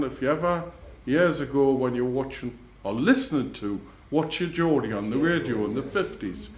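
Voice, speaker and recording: A man with a Northumbrian accent, a folk club singer chatting between songs in a rambling, jokey, storytelling way. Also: mid-range voice. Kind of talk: chatty spoken song introduction. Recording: roomy archive club recording.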